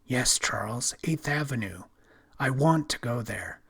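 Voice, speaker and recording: A man with a husky voice voicing a timid young woman come to life in a department store, speaking in a soft, breathy half-whisper in an audiobook reading. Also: medium pitch, lively intonation, a little slow, full character voice. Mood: wistful.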